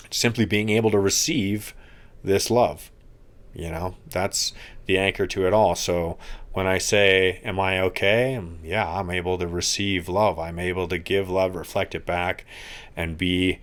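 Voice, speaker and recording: A man with a very low voice speaks slowly and earnestly, reflecting on gratitude in a casual podcast conversation. His delivery is heartfelt and unhurried, with a deep tone. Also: steady tone, a bit bright. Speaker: podcast co-host recovering from an accident. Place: friends' house, indoors.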